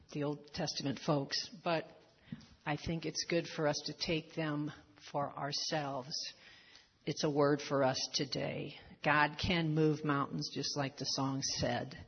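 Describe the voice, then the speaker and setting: A woman's voice: sits low, slight background noise. An older woman giving an earnest church testimony, reading scripture verses aloud and applying them personally. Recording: dull recording in a reverberant hall.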